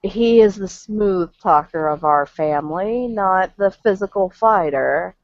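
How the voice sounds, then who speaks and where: A woman's voice: mid-range voice, expressive, unhurried, no room sound, muffled recording. A woman voicing a smug, scheming female vampire clan leader who talks down to others and calls them dear. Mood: condescending. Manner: cool, condescending, calls people dear.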